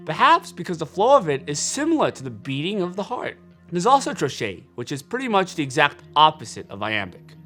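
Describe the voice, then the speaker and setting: Young male filmmaker, scripted explainer read, animated pitch, faint music bed. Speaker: filmmaker sharing screenwriting tips.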